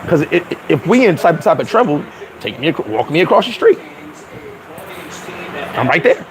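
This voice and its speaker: A man vlogging outdoors, telling a story in a loose, animated way, swearing and acting out other people's voices. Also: a little high, moderate pace, poor audio. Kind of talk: casual storytelling to camera. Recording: street crowd noise behind.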